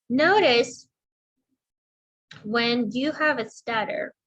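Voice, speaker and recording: A middle-aged woman speech therapist giving a slow, deliberate instructional talk, demonstrating intonation as she explains. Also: fairly high pitch, slightly rough, lo-fi sound.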